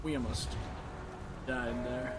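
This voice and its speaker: A man's voice: mid-range voice, steady tone, takes it slowly, very noisy. A man streaming a game in casual commentary, rambling, chatting with viewers and cheering on his character. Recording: game music playing behind. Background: game music.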